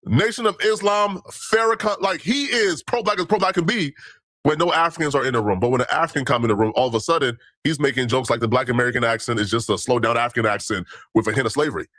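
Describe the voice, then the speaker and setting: A man's voice: medium pitch, fast, fairly bright tone, no room sound. A man hosting a news commentary show, talking emphatically and repeating himself when indignant. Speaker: host.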